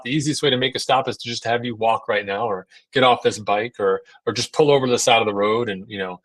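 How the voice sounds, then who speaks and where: An endurance coach gives a casual seminar talk, fast and with few pauses, full of fillers, repeated words and restarts, sometimes acting out voices in quoted asides. His voice is mid-range, a bit bright and steady in tone, recorded with no echo.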